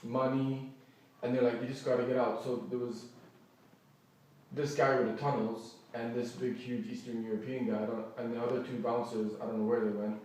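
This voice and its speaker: Here a man with a mid-range voice speaks at normal speed, telling an agitated first-person story about an incident. He animatedly performs the quoted dialogue and keeps restarting his sentences, picked up by a distant mic in an echoey room with faint noise.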